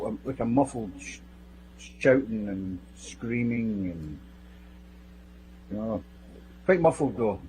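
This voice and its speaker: A man's voice: on the low side, darkish tone, a little hiss or hum, poor audio. A middle-aged man, a security team member giving sworn witness testimony in a blunt, plain-spoken, vivid way. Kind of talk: recounting events in sworn testimony.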